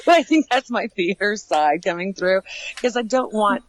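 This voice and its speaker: Laughing, animated woman haunt manager. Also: mid-range voice, normal speed, no echo, low-quality recording. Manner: animated, laughs often, frequent restarts. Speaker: haunted attraction cast manager and actor trainer. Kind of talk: casual interview.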